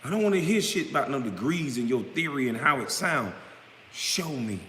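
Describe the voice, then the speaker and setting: A man's voice: expressive, normal speed, slight background noise. Man ranting in an echoey room. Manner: heated, blunt, swings from low mutters to loud outbursts. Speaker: vlogger. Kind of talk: profane rant to camera. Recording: echoey room with long reverb.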